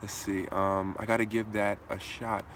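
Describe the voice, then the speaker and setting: A man's voice: lowish voice, level tone, normal speed, a bit bright, slight background noise. A man hosting a casual live Q&A outdoors, talking in a laid-back, slangy way into a hand-held phone. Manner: laid-back slangy talk, answers viewer comments. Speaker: host.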